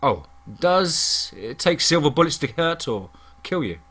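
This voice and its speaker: A man's voice: fairly high pitch, big pitch swings, a little slow, fairly bright tone, pitched above the performer's own voice, exaggerated voice. A man voicing a stubborn male lawman who talks insistently in a raised voice, in a spoken horror story. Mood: curious. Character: stubborn adult male lawman, accusing and blunt.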